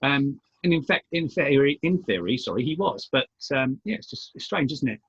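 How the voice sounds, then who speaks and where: A man's voice: mid-range voice, animated, normal speed, breathy edge. A British man co-hosting a casual chat show, rambling with many fillers and restarts. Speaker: co-host. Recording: dull lo-fi sound.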